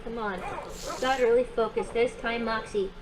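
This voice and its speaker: A woman's voice: fairly high pitch, steady tone, normal speed, background noise, lightly acted. A woman voicing a cheerful small companion robot that plays games and guides affirmations with children, in an upbeat, encouraging way. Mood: excited.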